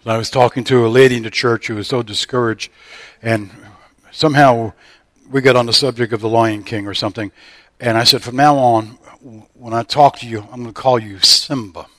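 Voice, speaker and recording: A man's voice: mid-range voice, fairly even intonation, brisk, fairly bright tone. A male pastor delivers a sermon in an ordinary mid-range voice. He preaches with repeated declarations and call-and-response questions to his congregation. The sound is dry and close, with little room echo.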